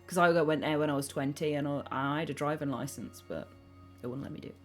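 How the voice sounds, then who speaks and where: A young woman streaming live, chatting casually and excitably on tangents while reading chat aloud. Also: low voice, faint music behind. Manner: excitable, rambling, quick tangents. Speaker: game streamer.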